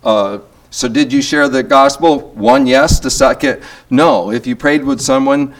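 A man's voice: mid-range voice, measured pace, creaky. An older man leading a church group session, talking in a casual, rambling way with restarts and self-deprecating asides.

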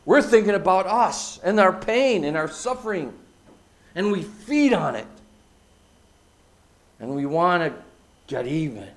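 A man preaching a sermon, using emphatic repetition and dropping from loud, stressed phrases to hushed asides. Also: high voice. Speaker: pastor.

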